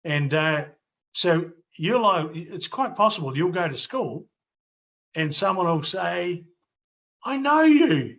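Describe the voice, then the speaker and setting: A middle-aged man hosts a casual chat and then talks straight to his viewers. His voice sits a little high for a man, and he rambles, restarting and doubling back on his words. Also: slow pace, a bit bright. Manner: rambling, restarts and repeats phrases. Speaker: host. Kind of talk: casual video interview and wrap-up to viewers.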